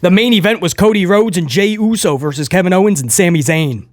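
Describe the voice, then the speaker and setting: A man's voice: high voice, a little fast, no echo, studio quality. A man giving a casual, opinionated wrestling show review, rambling with jokey asides.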